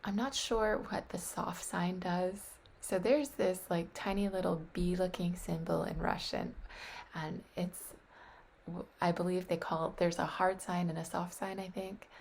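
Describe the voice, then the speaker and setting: A woman on a webcam practicing vocabulary aloud, tentative and thinking out loud as she sounds out words. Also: on the low side, steady tone, unhurried, creaky, a little hiss or hum. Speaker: language learner practicing vocabulary. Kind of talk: casual solo practice on webcam. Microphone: webcam microphone.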